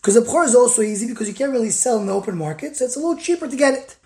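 A woman's voice: fairly high pitch, animated, very fast, warm tone. Woman explaining a text line by line. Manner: reads short phrases of the original text, then explains them plainly in English; talks in short phrases with small restarts. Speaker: Talmud teacher. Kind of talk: text study lesson.

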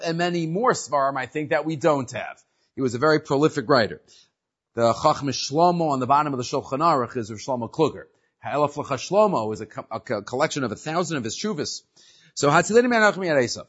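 A man's voice: a little high, breathy edge. A man teaching a Torah class, moving between Hebrew verses and English explanation and checking in with "right?". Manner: lively, mixing Hebrew and English, questioning "right?". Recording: dull lo-fi sound.

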